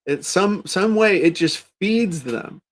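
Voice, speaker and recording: Animated middle-aged male podcast host. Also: high voice, takes it slowly. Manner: animated storyteller acting out quotes. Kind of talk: casual podcast chat.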